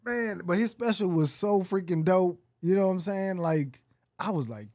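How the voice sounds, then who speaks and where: Laughing podcast host, dry close sound. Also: male voice, high-pitched, no room sound. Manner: laughs often, excitable, talks fast when worked up. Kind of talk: casual podcast chat.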